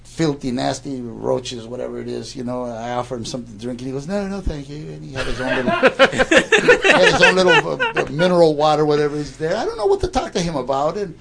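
A man's voice: mid-range voice, big pitch swings, fast, creaky, fairly bright tone. A man in his sixties casually telling a rambling anecdote, stammering and repeating words as he goes.

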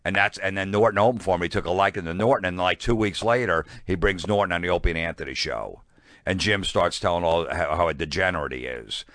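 A middle-aged man with a New York accent, a comedian guest telling animated stories and acting out the voices of the people in them. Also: low-pitched, fast talker, no echo, clean studio sound. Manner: animated anecdote-telling, acts out quoted voices. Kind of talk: casual storytelling chat.

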